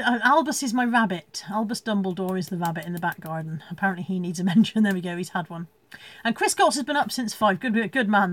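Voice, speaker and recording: Streaming live from home, a reseller speaks in a medium-pitched voice with no echo. She keeps things casual and rambling, frequently laughing while reading viewers' comments aloud.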